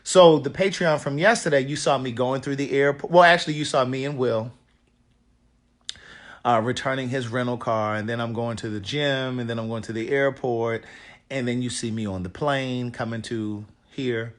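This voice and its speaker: Raspy-voiced man chatting on a livestream. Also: medium pitch, normal speed. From Maryland. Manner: chatty, greets viewers by name. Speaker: author and livestream host. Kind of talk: casual livestream chat. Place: hotel room.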